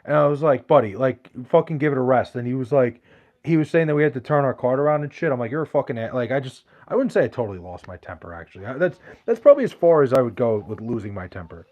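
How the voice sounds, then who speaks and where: A man's voice: mid-range voice, very animated, quick pace, highs cut off. A young man, chatting casually and profanely, rambling and restarting his sentences as he reads live chat. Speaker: podcast host reading live chat.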